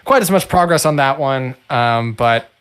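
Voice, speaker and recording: A young man co-hosting a casual livestream, joking in a dry, deadpan way. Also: mid-range voice, normal speed, clear, resonant tone. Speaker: co-host.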